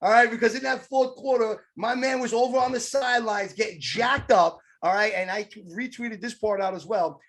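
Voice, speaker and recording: Man, co-host, high husky voice with gravel, hyped and swearing. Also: normal speed, few pauses. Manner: excitable, profane. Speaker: podcast co-host. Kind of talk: casual sports chat.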